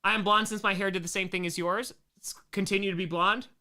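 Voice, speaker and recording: A man hosting a live stream, reacting to his own home videos with excitable, self-mocking jokes. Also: high-pitched, quick pace. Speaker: streamer host.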